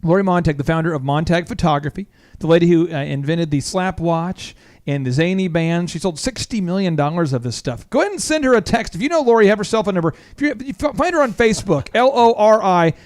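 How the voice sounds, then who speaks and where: A man hosting a business talk show, telling a story in an excitable, jokey way. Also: high-pitched, fast talker. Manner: excitable, jokey, breaks into imitations of friends. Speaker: host. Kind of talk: animated storytelling chat.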